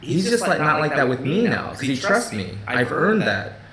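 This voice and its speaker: A man's voice: on the high side, very animated, normal speed, echoey room, a loud crowd, low-quality recording. A man hosting a live Q&A stream from his office, speaking casually with many restarts and repeated "you know" and "right?". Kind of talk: casual livestream talk.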